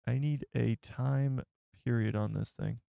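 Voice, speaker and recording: A man's voice: medium pitch, steady tone, a little slow, creaky, dark tone, dry recording, clean studio sound. A man hosting a casual live stream, thinking aloud as he reads chat and searches for things. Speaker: livestream host.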